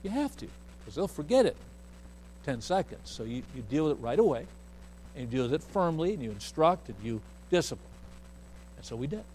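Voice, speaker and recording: A man's voice: a little high, very animated, brisk, long pauses, dark tone, slight background noise, low-quality recording. Folksy preacher man telling a story. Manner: folksy storyteller who acts out the voices he quotes. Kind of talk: storytelling sermon.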